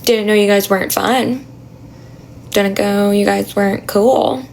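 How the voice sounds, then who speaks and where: A young woman chats on a phone livestream from her apartment, keeping her voice low. Her voice is gravelly and raspy, her pitch sits in an ordinary middle range, and her talk is blunt and chatty. Faint noise sits under the recording. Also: fairly even intonation, unhurried, rough recording. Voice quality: raspy, gravelly from talking quietly. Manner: talking quietly, half-hushed, chatty and blunt. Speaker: livestreamer answering chat. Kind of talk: casual live stream chat. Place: home apartment at night.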